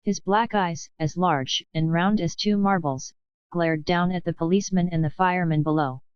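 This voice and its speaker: A woman reading a children's audiobook in a steady storybook narration. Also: on the low side, moderate pace, clear, resonant tone, no room sound. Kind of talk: scripted narration. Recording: dull dry studio recording.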